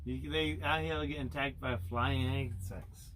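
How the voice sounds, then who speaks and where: A man's voice: mid-range voice, steady tone, unhurried, a bit bright, slight background noise. A man in a camper van chatting bluntly and crudely, complaining on a livestream. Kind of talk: casual livestream chat.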